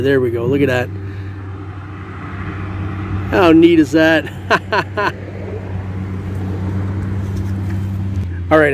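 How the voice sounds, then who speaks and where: Upbeat man with a slightly high voice. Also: creaky, darkish tone, slight background noise. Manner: upbeat and chatty, laughs often, keeps calling listeners "man". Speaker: metal detecting vlogger. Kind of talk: casual vlog talk to camera.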